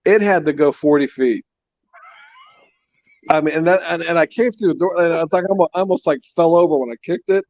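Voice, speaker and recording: A man telling a story in a casual chat, animated and laughing as he goes. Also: a little high, a little fast, no echo. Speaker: co-host, father of the host. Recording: dull, dry lo-fi sound.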